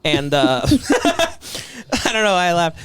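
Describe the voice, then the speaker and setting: Low-voiced woman, joking podcast host. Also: sing-song, slow, very noisy. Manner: joking, rambling with fillers. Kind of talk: casual comedic chat.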